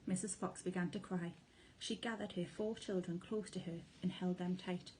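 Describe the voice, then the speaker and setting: A primary school teacher reads a children's storybook aloud at normal speed, her narration clear and expressive. Her middle-pitched voice is mellow and warm, though the audio is poor with a faint background hiss.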